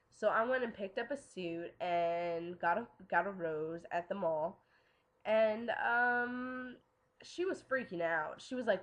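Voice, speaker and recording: A young woman casually telling a personal story to camera, chatty and full of "like" and "um". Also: lowish voice. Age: young adult. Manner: chatty, lots of "like" and "um" fillers. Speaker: vlogger.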